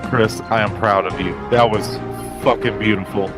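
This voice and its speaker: A man in his thirties from North Carolina, co-hosting a casual geek podcast and telling stories with frequent cursing and high-pitched bursts. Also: moderate pace, over music. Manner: lively and profane, bursting into high-pitched exclamations. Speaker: podcast co-host. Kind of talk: casual chat.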